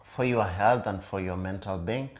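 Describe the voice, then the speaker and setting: A man co-hosting a casual relationship discussion with his partner. His voice sits on the low side, and his delivery is earnest. He comes back to the same point several times and hesitates with fillers. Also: moderate pace. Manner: earnest, repeats key points with many fillers. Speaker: co-host of a couple's channel. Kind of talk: casual chat.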